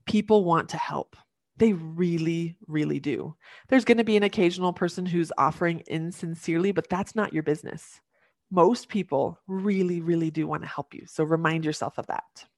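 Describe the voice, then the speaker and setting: A woman's voice: sits low, brisk, gravelly, a little mellow, no echo, clean studio sound. A young woman speaking earnestly as a podcast guest, coaching listeners through practical tips and acting out the phrases they might say. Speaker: podcast guest giving advice. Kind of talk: warm encouraging advice talk.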